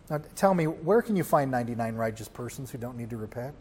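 A man preaching a sermon, swinging from hushed lines to loud ones and putting rhetorical questions to the congregation. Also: medium pitch, fast, few pauses, husky. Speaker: pastor.

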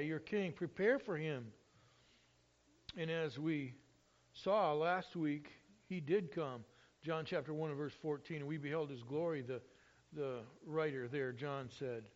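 A high-pitched male pastor delivering a sermon, his voice swelling with emphasis whenever he quotes scripture. The recording is muffled and lo-fi, with a dull top end. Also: a little slow. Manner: expressive, rises loudly when quoting scripture.

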